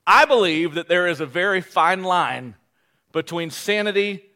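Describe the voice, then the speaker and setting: A male pastor preaching a sermon, animated and joking at his own expense, often restarting his phrases. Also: high voice. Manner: animated, joking, self-deprecating, with quick restarts.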